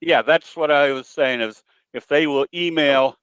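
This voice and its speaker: A man's voice: fairly high pitch, measured pace, a bit bright, clean tone, dry recording, rough recording. A man giving a trading webinar presentation in a folksy, storytelling way, with some hesitations. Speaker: guest presenter, trading educator.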